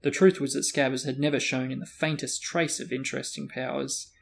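A man's voice: mid-range voice, level tone, brisk, gravelly. A man reading a fantasy novel aloud as host of a book discussion. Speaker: reader and host.

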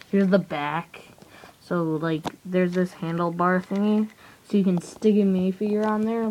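A woman's voice: on the low side, a little mellow, a little hiss or hum, rough recording. A woman giving a rambling, casual toy review with many fillers, often trailing off.

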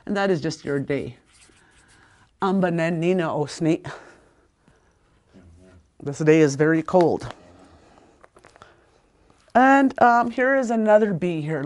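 Slow, patient woman teaching pronunciation. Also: lowish voice. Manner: slow, patient, repeats sounds aloud, apologizes for slips. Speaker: language teacher. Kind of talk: spoken language lesson.

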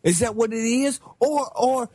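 A middle-aged man hosting a talk radio show, ranting in a slangy, animated way. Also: very high voice, a little slow, husky, no echo, studio quality. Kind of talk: heated talk-radio rant.

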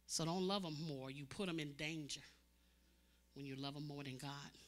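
A woman preacher delivering a sermon as dramatic storytelling, swinging from loud cries to hushed, intense tones. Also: deep voice, moderate pace.

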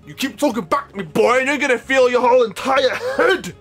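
A man's voice: very high-pitched, a little slow, a bit bright, soft background music, pitched above the performer's own voice. A man voicing a cheeky older boy who talks back and threatens his brother, on a game stream.

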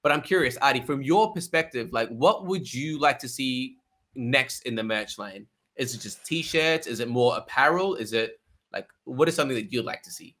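A man's voice: medium pitch, lively intonation, normal speed, bright, forceful tone. A man hosting a casual, joking video-call chat. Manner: laughing, loose and joking. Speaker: channel host.

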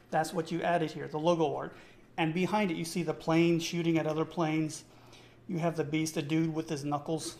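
A man's voice: high-pitched, darkish tone. Chatty man hosting a live tutorial. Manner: chatty, keeps checking in with chat; enthusiastic, thinks aloud. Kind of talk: casual live-streamed tech tutorial.

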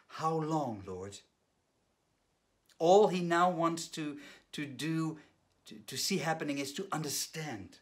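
A male pastor delivering a sermon, earnest and measured, who pauses, restarts now and then and lifts his voice for dramatic quoted cries. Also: mid-range voice. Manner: dramatic retelling with rising, urgent quoted cries.

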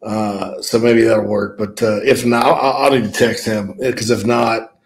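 A man co-hosting a casual sports podcast, an animated storyteller who stammers and restarts, speaking into a laptop mic from an office. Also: on the low side, measured pace, vocal fry, low-quality recording. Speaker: co-host.

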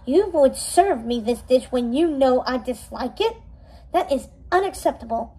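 A woman's voice: high voice, expressive, measured pace, dark tone, breathy edge, heavily acted, rough recording. A woman reading aloud as a teenage princess who snaps out cold, demanding orders. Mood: imperious. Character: teenage princess, defiant but unsure.

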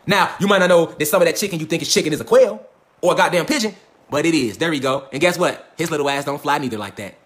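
A man's voice: a little high, quick pace, a bit bright. A man giving a preachy, swaggering solo lecture, profane and emphatic, hammering his points with repeated rhetorical questions. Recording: echoey room.

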